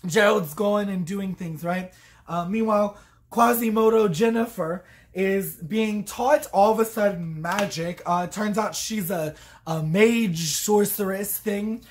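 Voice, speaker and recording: A woman's voice: mid-range voice, unhurried. A tipsy woman vlogger giving a rambling comic review, swearing freely and acting out quotes along the way.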